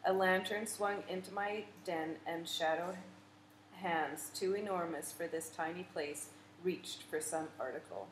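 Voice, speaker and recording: A woman narrating a literary audiobook in a measured, vivid storytelling manner. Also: on the low side. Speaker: audiobook reader. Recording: echoey room with faint noise.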